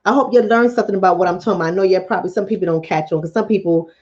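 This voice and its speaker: A woman hosts a mental health livestream, chatting casually and speaking bluntly and profanely straight to her viewers. Her mid-range voice is a little mellow and races along, and the sound is lo-fi.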